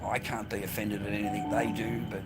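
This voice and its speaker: An Australian vlogger with a lowish voice and flat delivery talks a little fast, ranting to the phone he holds while walking along a street and path. Loud music, traffic and street noise sit behind him on the poor phone audio. He's rambling and profane, calling everyone mate and bro.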